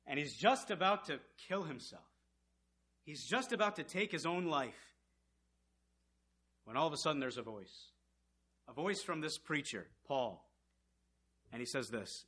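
A man preaching a sermon, swinging from loud passionate outbursts to hushed, intense storytelling. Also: fairly high pitch.

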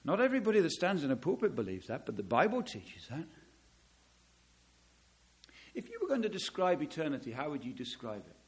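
A middle-aged man preaching a sermon, dramatic, swelling loud on key words and dropping to a hush. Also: a little high, wildly swooping pitch, quick pace.

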